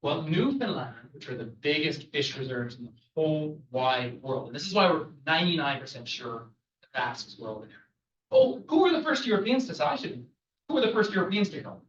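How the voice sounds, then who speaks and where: Man from canada, chatty travel lecture, slightly high voice, echoey muffled room sound. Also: big pitch swings, a little fast, recorded from a distance. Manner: chatty, jokey, asks the audience questions. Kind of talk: lively classroom talk.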